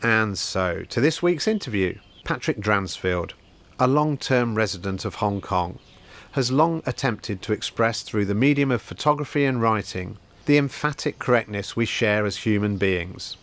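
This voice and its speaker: A man hosting a podcast from his bookshop, reading out shop news and introducing a guest in a measured way. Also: fairly low pitch, animated, a bit bright. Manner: measured, read-out announcements. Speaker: podcast host, bookshop owner.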